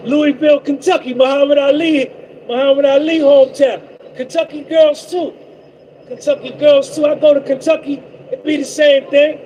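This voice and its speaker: Very high-voiced New Jersey man. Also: fairly even intonation, moderate pace, slight background noise, rough recording. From North Jersey, USA. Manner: boastful, repetitive, giving shout-outs. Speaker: trucker livestream host. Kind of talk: casual live-stream monologue.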